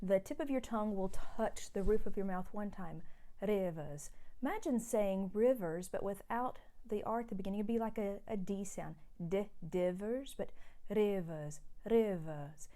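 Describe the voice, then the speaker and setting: A woman's voice: medium pitch, brisk, hardly any pauses, mellow. A woman who teaches middle school choir, patiently explaining a song to her students and singing lines for them to echo. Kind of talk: recorded music lesson for students.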